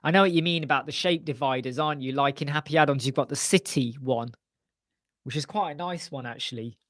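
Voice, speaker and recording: A man hosting a casual live web chat about web design, talking in an animated way and repeating his points for emphasis. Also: medium pitch, brisk, dry recording, clean studio sound. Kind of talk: casual live-stream chat answering viewers. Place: small home studio room with soundproof panels.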